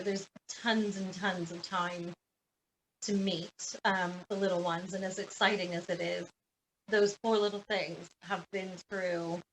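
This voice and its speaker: A woman and adoptive parent gently reassures families in a casual video call webinar, using many fillers. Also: fairly low pitch, a little hiss or hum, rough recording.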